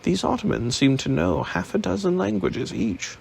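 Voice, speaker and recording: A man narrating an audiobook in a measured, unedited reading with small slips. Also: a little high, animated, vocal fry, slightly rough.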